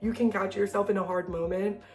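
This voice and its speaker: A woman's voice: mid-range voice, fairly even intonation, fairly quick, a little mellow, faint music behind. A young woman talking casually and earnestly to the camera about self-care, chatty and full of fillers. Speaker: self-help video creator.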